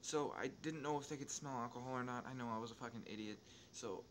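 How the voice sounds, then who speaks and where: Telling a story while gameplay runs, this young YouTuber is profane and rambling, swearing almost constantly and stopping to fix what he said, with restarts and asides along the way. His pitch stays ordinary, but excitement sends his loudness swinging fast, over a faint humming noise.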